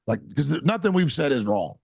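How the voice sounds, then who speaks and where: Gravelly guy on a podcast, blunt and teasing, husky, close dry mic. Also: fairly high pitch, very animated, a little fast, a little mellow, no echo. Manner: blunt, teasing, trails off and restarts. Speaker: podcast co-host. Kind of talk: casual sports chat.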